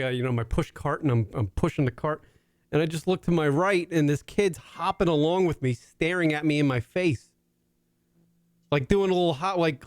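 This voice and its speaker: A man's voice: fairly high pitch, no room sound. A man in his thirties co-hosting a comedy podcast, telling stories casually with lots of swearing. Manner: profane, animated storytelling. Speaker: podcast co-host.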